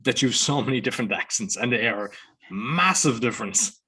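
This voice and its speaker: Brief: Irish man from Cork, mid-pitch, easygoing podcast host. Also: animated, normal speed, sharp tone, breathy edge. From Ireland. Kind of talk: casual interview conversation.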